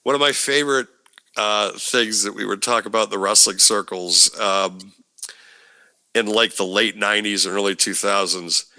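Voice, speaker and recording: Very bright-voiced man, casual podcast host. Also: on the low side, steady tone, moderate pace, smooth. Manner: laughs easily, swears casually, repeats for emphasis. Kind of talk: casual chat.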